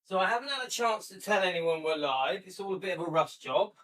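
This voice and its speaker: A man's voice: sits high, brisk, a bit bright. Rambling British man hosting a livestream. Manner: rambling, searching for words. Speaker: channel host. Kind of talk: casual livestream chat.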